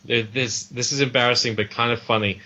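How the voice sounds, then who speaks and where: Bright-voiced Australian man, rambling guest. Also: medium pitch, steady tone, moderate pace. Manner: rambling, self-deprecating, many restarts. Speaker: podcast guest. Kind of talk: casual podcast chat. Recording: dull lo-fi audio.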